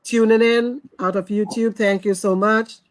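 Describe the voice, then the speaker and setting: A woman's voice: medium pitch, fairly even intonation, a little slow. A woman co-hosting a live cooking stream, praising the chef and recapping for viewers who are just tuning in. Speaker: co-host of a cooking show.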